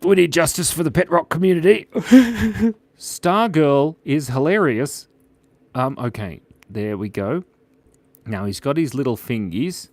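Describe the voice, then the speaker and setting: A man's voice: mid-range voice, unhurried, no echo. A young man hosting a casual livestream, drawing requests and reading chat aloud in a playful, giggly way.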